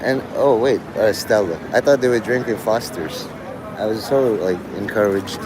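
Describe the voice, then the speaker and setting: A man's voice: fairly low pitch, normal speed, a crowd in the background, low-quality recording. A man live-streaming outdoors on a city street, chatting in a rambling, meandering way and laughing often between thoughts. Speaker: livestreamer.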